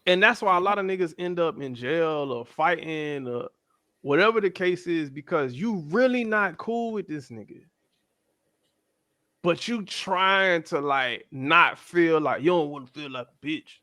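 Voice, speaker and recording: A man in his thirties co-hosting a podcast, speaking in an animated, slangy chat. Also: unhurried, no echo, studio quality. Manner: animated, slangy, jumps into high-pitched voices when quoting others. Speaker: podcast co-host. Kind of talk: casual chat.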